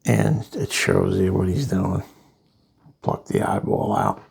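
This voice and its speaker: A man casually reviewing a comic book, rambling through the plot with asides, in a gravelly voice. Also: sits low, sing-song, takes it slowly, darkish tone.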